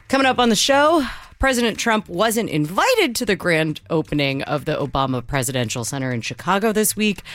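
A woman radio host announcing the weather and station IDs with a lively voice. Her pitch moves around a lot. Soft music plays faintly behind her.

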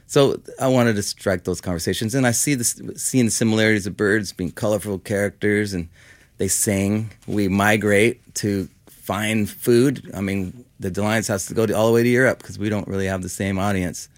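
A Los Angeles musician in his fifties chats casually as an interview guest, rambling and leaning heavily on "like" and "you know." His voice is lowish and steady in tone, moving at a moderate pace, with no room sound in the recording.

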